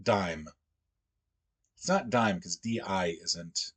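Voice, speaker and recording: A man hosting a casual livestream, thinking aloud in a halting, musing way as he works through puzzles. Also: low-pitched, slightly rough.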